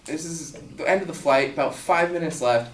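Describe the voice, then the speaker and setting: Young man, live storytelling, casual, animated, slightly high voice, echoey room, distant mic. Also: fairly quick. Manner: casual and animated, with lots of fillers.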